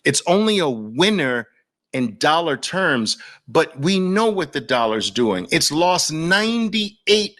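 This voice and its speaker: A man's voice: a little high, big pitch swings, slow, a bit bright. A man with a New York accent hosting an impassioned monologue, preaching fervently in repeated rhetorical questions and lists. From Brooklyn. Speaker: host.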